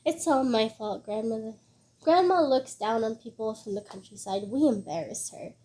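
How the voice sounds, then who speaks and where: A composed young country girl, read by a woman, who speaks calmly and politely but makes every point land. Her voice is slightly high and mellow, and she never raises it. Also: close to an everyday voice. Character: calm, sharp-tongued young country woman.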